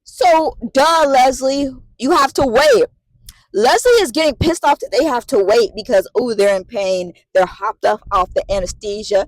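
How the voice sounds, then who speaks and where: Animated woman in her late twenties venting. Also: fairly high pitch, moderate pace, dry recording, low-quality recording. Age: late 20s. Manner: animated, profane, repetitive venting. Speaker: vlogger. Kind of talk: casual storytelling to camera.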